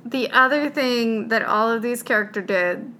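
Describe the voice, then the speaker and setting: A woman co-hosting a podcast, her voice bright and a touch high. She pokes sarcastic fun at a book in loose, casual talk. A faint hum of noise sits underneath. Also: normal speed. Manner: sarcastic, reads passages in mocking voices. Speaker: podcast co-host. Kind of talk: casual chat reviewing a book.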